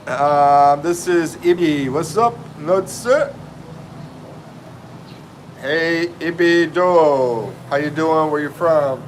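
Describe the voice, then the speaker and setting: A middle-aged man with a drawl hosts a relaxed live stream. He chats loosely with viewers and greets them by name, his voice sitting a little higher than most men's. Loud air-conditioner hum and traffic noise run under him. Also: slow pace, hardly any pauses. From North Carolina, US. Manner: laid-back, chatty, greets viewers by name. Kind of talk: casual live-stream chat.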